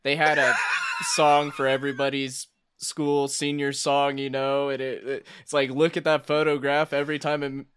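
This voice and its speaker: A man playing a crude, swaggering bro celebrity chef in improvised comedy, loud and profane. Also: medium pitch, level tone, normal speed, clean tone, natural voice. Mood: rambling. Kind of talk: improvised comedy role-play.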